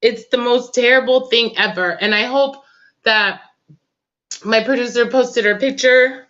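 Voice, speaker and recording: A woman's voice: on the high side, a little slow, a bit bright, lo-fi sound. A woman hosting a political talk show, impassioned and tearful, speaking in casual slang. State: crying. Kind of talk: emotional political commentary.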